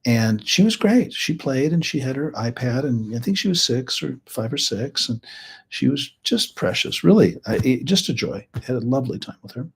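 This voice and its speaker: A man's voice: mid-range voice, animated, moderate pace, vocal fry, breathy edge. A middle-aged man hosting a live teaching talk, chatty and rambling, with joking asides. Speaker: host and healing practitioner.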